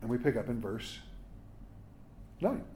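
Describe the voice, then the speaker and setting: Mellow-voiced pastor, chatty sermon. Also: male voice, medium pitch, sing-song, measured pace, slight background noise. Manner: casual, asks "right?" often, jokes with listeners. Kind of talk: conversational sermon.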